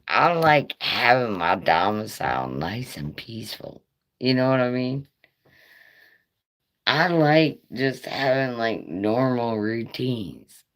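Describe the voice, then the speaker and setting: A woman live streaming in casual chat, with a raspy voice like a chain smoker's, talking in a nervous, rambling, profane way. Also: rumbling low.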